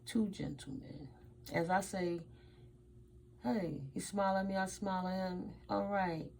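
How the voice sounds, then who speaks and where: A woman's voice: medium pitch, steady tone, unhurried, creaky, a little mellow, slight background noise, low-quality recording. A woman from the United States doing a casual tarot reading and telling stories, blunt and emphatic, with Spanish words mixed in. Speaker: tarot reader.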